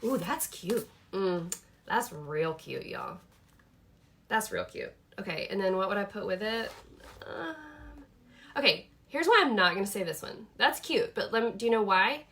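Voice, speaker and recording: A woman's voice: medium pitch, lively intonation, unhurried, gravelly, a bit bright, slight background noise. A woman, hosting a casual live product chat from her home office. She is chatty and enthusiastic, thinking aloud with many fillers. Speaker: host showing her planner products.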